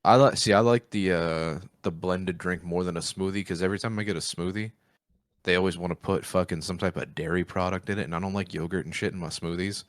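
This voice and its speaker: A young man with a very low voice jokes and teases on a podcast, swearing freely. The mic sound is close and dry, with no room around it. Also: fairly even intonation, quick pace, no room sound. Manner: joking, profane, playful ribbing. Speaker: podcast co-host. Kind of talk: casual chat.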